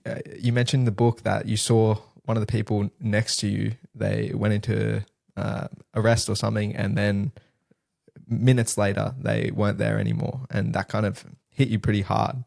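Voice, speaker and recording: Gravelly casual podcast host, a man. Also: on the low side, a little mellow, dry recording, studio quality. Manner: casual, fillers like you know and kind of. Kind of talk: interview questions.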